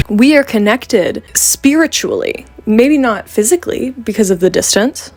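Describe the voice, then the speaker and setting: A woman's voice: a little high, expressive, a little slow, soft background music. A young woman from Canada, a vlogger chatting playfully to camera with joking asides. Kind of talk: casual chat to camera.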